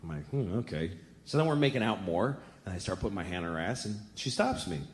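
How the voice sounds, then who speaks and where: A man's voice: sits low, animated, quick pace. A man telling a story in a stand-up set, in a conversational way that builds to exasperation. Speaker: stand-up comedian.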